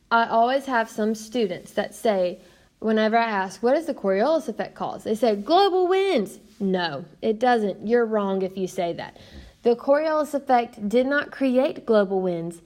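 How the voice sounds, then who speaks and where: A woman's voice: on the high side, a little mellow. A young woman, teaching a recorded science lesson in a chatty, upbeat way and speaking straight to her students. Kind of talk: recorded classroom lecture.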